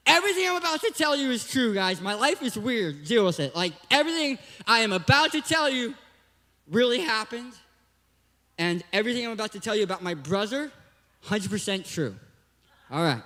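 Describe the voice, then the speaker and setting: A young man from Southern California gives a joking, hyper youth talk at a church. His voice is high and his speech has a cartoon-like lisp. A long hall echo trails his words. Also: big pitch swings, normal speed, pushed and bright. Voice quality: lisping, cartoon-like voice. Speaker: guest speaker.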